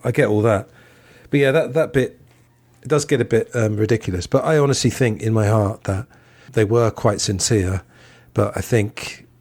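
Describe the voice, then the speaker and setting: Low-voiced reflective podcast host. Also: male voice, a little mellow. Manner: reflective, chatty, frank opinions. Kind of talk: casual podcast discussion.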